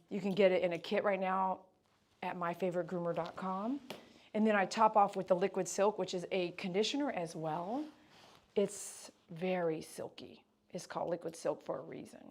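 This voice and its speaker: A woman groomer chatting on a livestream from her grooming shop, rambling through explanations and switching to high sing-song praise for a dog. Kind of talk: casual livestream chat.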